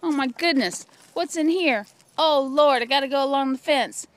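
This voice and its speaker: A woman's voice: sits high, moderate pace, lightly acted. A woman voicing her pet dog's frantic inner thoughts as it chases birds along a fence. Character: excited, bewildered pet dog chasing birds.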